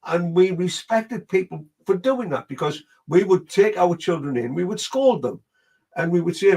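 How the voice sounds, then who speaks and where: A man's voice: high voice, lively intonation, moderate pace, a little mellow, breathy edge, rough recording. A man giving a psychic reading, rambling as he relays what a spirit tells him. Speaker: medium.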